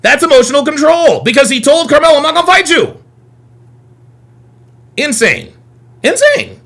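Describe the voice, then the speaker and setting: A man's voice: very high voice, fast talker, vocal fry, fairly bright tone. A man hosting a live call-in stream, talking in a heated, combative way, repeating himself and swearing often. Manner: combative, repetitive, profane.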